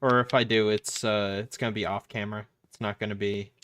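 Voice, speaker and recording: A man's voice: lowish voice, flat delivery, a little fast, fairly bright tone. A man streaming, chatting casually and telling a long story, acting out what others said, with lots of fillers. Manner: rambling storyteller acting out quotes, many fillers. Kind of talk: casual chat.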